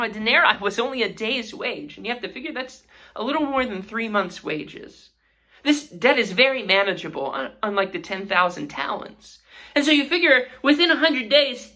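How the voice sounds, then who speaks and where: Bright-voiced woman teaching Bible lesson. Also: mid-range voice. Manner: earnest, asks the listeners questions. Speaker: Sunday school teacher.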